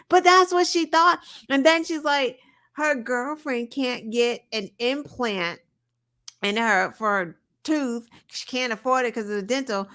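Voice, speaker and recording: Animated woman podcast co-host. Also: sits high, a little slow. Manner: animated, lively storytelling with laughs and swearing. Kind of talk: casual chat.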